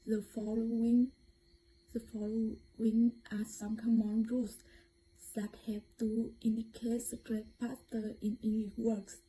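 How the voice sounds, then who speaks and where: Slow, dark-voiced young woman with a Vietnamese accent. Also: a little high, little pitch movement, slight background noise, rough recording. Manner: careful, halting reading with restarts. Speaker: student presenter. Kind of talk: reading a class presentation.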